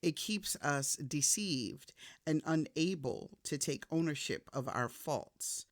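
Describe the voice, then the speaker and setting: A woman giving a faith-based motivational talk in a casual, conversational way, shifting from soft reflection to emphatic storytelling. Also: low-pitched, lively intonation, slow, no room sound, studio quality. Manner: casual, conversational, addresses listener directly. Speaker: motivational speaker.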